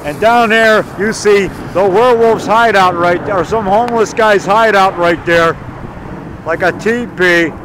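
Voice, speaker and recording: A man's voice: sits high, measured pace, background noise. A man giving a chatty, enthusiastic walking tour of an outdoor forest preserve by a river, repeating himself and chuckling. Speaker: indie horror filmmaker giving a tour. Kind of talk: rambling walking tour vlog.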